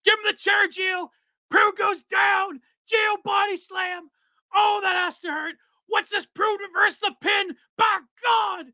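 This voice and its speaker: A man doing an impression of an excitable male wrestling play-by-play announcer, shouting hyped ringside calls. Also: very high-pitched, takes it slowly, no echo, voice pushed up, heavily acted.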